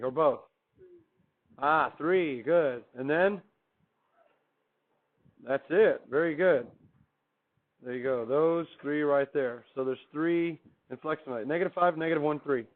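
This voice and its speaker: A man teaching a math class, chatty and upbeat, putting questions to the class and answering them himself. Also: on the high side. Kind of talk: classroom lecture. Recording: tinny, phone-like recording.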